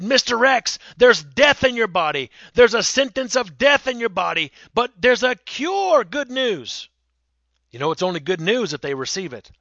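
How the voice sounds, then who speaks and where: A man's voice: high voice, bright, forceful tone, no room sound, muffled recording. A man preaching a sermon, emphatic and direct, often repeating words and acting out quoted speech.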